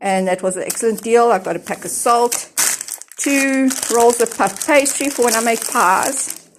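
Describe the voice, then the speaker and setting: A woman's voice: fairly high pitch, normal speed, background noise. A South African woman in her forties, chatting casually through a grocery haul from home, rambling with fillers and restarts and a little out of breath. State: slightly out of breath. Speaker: vlogger.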